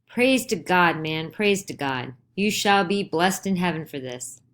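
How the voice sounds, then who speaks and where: A woman's voice: fairly low pitch, normal speed, lightly acted. A woman voicing a stern older male judge who questions urgently and insistently in a dramatized play reading. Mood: pressing.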